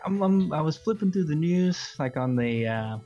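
A man's voice: a little high, animated, moderate pace, dark tone, dull audio, faint music behind. A man co-hosting a podcast in casual chat, rambling and going off on tangents. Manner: rambling, goes off on tangents, chuckles often. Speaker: podcast co-host.

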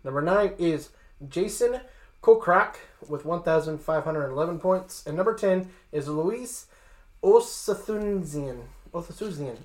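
Sports talk host reading off rankings, casual, middle pitch, cracks little jokes. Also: animated, measured pace. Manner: reads lists plainly, joking asides.

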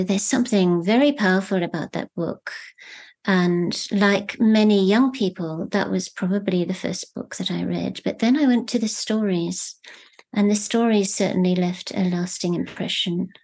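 A middle-aged woman novelist being interviewed, speaking in a thoughtful, measured way and pausing to search for words. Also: lowish voice, a little mellow. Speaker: novelist guest. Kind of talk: reflective interview talk.

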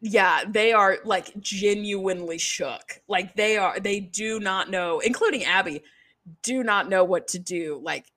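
A young woman hosting a podcast in casual chat, animated and gossipy, acting out quotes in jumpy voices. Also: a little slow. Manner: animated, gossipy, acts out quotes with pitch jumps. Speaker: podcast host.

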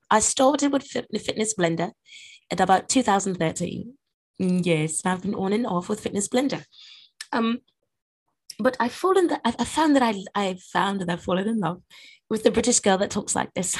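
A woman's voice: medium pitch, slightly rough. A woman hosting a podcast in casual, rambling chat, full of fillers and asides. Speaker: podcast host.

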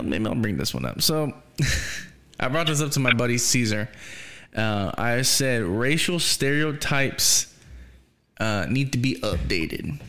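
A man's voice: medium pitch, fairly bright tone. A man hosting a podcast, chatting casually and swearing freely, laughing often. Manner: profane, laid-back, laughs often. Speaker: podcast host.

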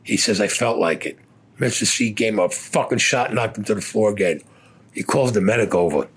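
Husky, profane older man telling war stories. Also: on the low side, brisk. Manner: blunt and heavily profane. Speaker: war veteran telling his story. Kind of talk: rough spoken storytelling.

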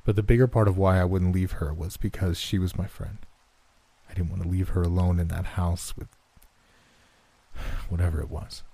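A man narrating a first-person horror story in a steady, measured, subdued way. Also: sits low, gravelly, slightly rough.

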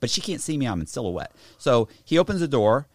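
A young man telling a story in a casual chat, animated and slangy, swearing often. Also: medium pitch, a little fast, no room sound.

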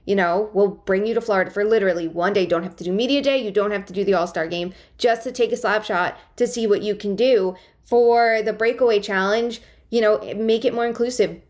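Animated, blunt woman co-hosting. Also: medium pitch, brisk, few pauses. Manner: animated, blunt, swears freely, rambling opinions. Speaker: podcast co-host. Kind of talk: casual podcast chat.

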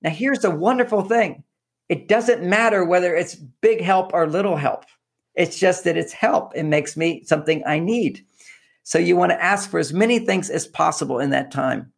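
A man with a fairly high, gravelly-edged voice offers relationship advice as an interview guest, speaking at a moderate pace. He's animated, repeats words for emphasis, and slips into acting out quoted lines from little exchanges.

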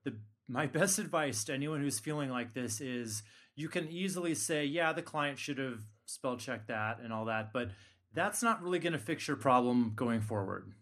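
A man's voice: mid-range voice, expressive, moderate pace, fairly bright tone. A man hosting a casual podcast chat, joking with co-hosts and giving frank, tough-love advice. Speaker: podcast host.

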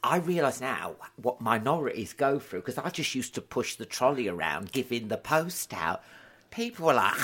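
Comic bloke, bright sharp voice, jokey and self-deprecating. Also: male voice, medium pitch, sing-song, normal speed, husky. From England. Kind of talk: casual chat.

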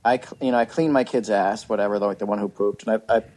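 A man's voice: lowish voice, fairly even intonation, fast talker, darkish tone. A man in his thirties on a casual podcast, telling a long story with lots of restarts and swearing. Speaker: podcast co-host. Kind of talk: casual chat.

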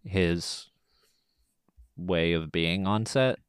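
A man co-hosting a podcast, chatting about a film in a relaxed way with many ums. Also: deep voice, smooth, dry recording, clean studio sound. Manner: relaxed, drawn-out delivery with frequent ums. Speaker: podcast co-host. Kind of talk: casual film-review chat.

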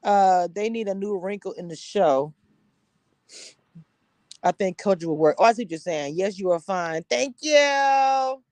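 A woman's voice: mid-range voice, a little slow, darkish tone, no echo, poor audio. A woman from Louisiana hosting a casual livestream, chatting with viewers in a sassy, playful, teasing way and laughing often, talking into a phone with headphones on. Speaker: reality TV reviewer, livestream host.

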